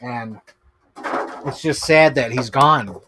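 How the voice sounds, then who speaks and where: Excitable rambling man hosting a stream. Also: medium pitch, slow pace, background noise. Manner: rambling and excitable, with bursts of laughter. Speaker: streamer host. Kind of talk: casual chat while unboxing collectibles.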